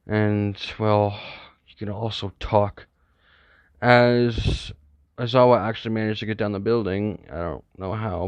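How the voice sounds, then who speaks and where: A man's voice: fairly low pitch, clear, resonant tone, no room sound. A man casually narrating an improvised fan story, rambling and correcting himself with many asides. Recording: dull, lo-fi, dry recording.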